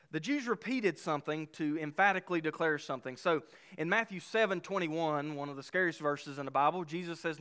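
A pastor delivers a sermon in a smooth, resonant voice that sits a little high for a man. He preaches emphatically, pressing hard on key phrases and slowing down to let weighty lines land. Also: a bit bright.

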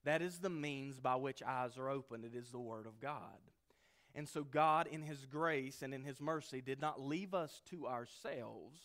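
A man preaching a sermon as pastor, earnest, dropping to quiet low asides and rising to loud emphatic peaks. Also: unhurried.

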